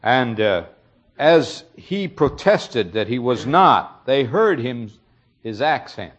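A man's voice: mid-range voice, big pitch swings, slow pace, dull audio. A man preaching a sermon, retelling a story earnestly and explaining it, his emphasis rising on key moments.

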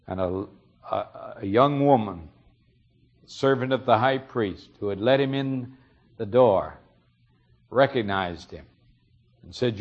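A man's voice: on the low side, takes it slowly, long pauses. Earnest man preaching, lo-fi recording. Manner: earnest, expository storytelling with rising emphasis. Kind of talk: sermon.

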